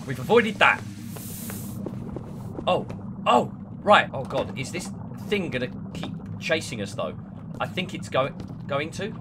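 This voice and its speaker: Panicking and shrieking at every scare, a young gaming YouTuber with a slightly high voice talks his way through a horror game let's-play. The background is noisy with the game's music and sound effects.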